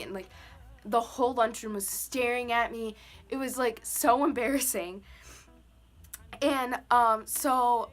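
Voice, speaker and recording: A woman's voice: fairly high pitch, a bit bright. Chatty young woman telling a story. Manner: chatty, lots of "like" and "um". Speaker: vlogger. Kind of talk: casual storytime.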